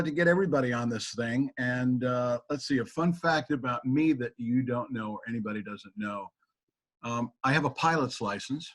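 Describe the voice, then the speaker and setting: Male host, casual interview, easygoing, mid-pitched voice.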